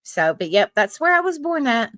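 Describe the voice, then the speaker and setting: A woman in her thirties with a Southern US accent, hosting a casual live chat stream, talkative, apologetic and quick to laugh, a little troubled by allergies. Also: on the high side, big pitch swings, fairly bright tone, dry recording, studio quality. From South Carolina and Tennessee, US. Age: 30s. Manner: chatty, apologetic, laughs often. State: coughing from allergies. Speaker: livestream host.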